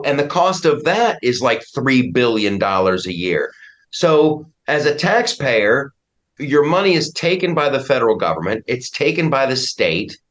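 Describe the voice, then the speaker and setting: A man's voice: medium pitch, fairly bright tone. Emphatic, opinionated middle-aged man. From United States. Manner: emphatic, opinionated, frequent restarts. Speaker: comedian and commentator guest. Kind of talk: casual podcast chat.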